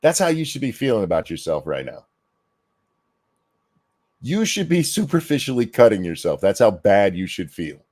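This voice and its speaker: A man's voice: on the low side, sing-song, normal speed, long pauses, a little mellow, dry recording. A man hosting a ranting reaction commentary, profane, sarcastic and berating. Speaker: commentary host.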